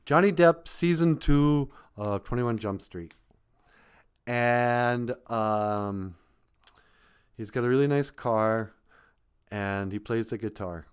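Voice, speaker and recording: A man's voice: lowish voice, smooth. A man hosting a live stream, telling a comic folk tale in a loose, off-the-cuff, joking way. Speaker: live-stream host and storyteller. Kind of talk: rambling comic storytelling.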